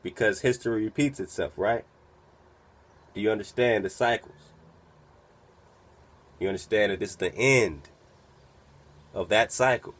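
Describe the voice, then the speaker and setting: Low-voiced, preachy man with rhetorical questions. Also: unhurried, long pauses, fairly bright tone. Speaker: radio host. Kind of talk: commentary over a played recording.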